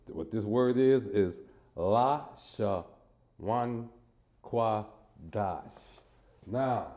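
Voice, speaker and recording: A man's voice: medium pitch, dark tone. A man teaching a class in front of a board, drilling sounds aloud, repeating phrases and quizzing his students. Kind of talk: classroom lesson. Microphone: camera he sometimes walks away from. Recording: roomy, muffled sound.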